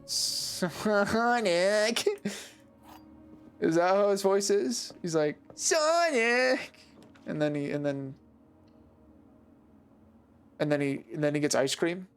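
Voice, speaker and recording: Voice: medium pitch, fairly even intonation, moderate pace, pauses often, a little mellow, smooth. A video game streamer giving casual, joking live-stream commentary while teasing the chat.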